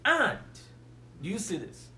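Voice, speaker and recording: A man's voice: high-pitched, very animated, a little slow, bright, forceful tone. Male preacher, conversational Bible teaching, punches key words, roomy echo with faint background hiss. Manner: builds to emphatic, rising stresses on key words; asks the listeners questions, waits for replies.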